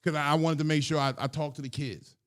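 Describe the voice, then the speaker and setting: A man's voice: on the high side, steady tone, quick pace, a bit bright. A man doing a stand-up comedy set on stage, telling loose, profane stories with stammered restarts. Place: comedy stage before a live audience.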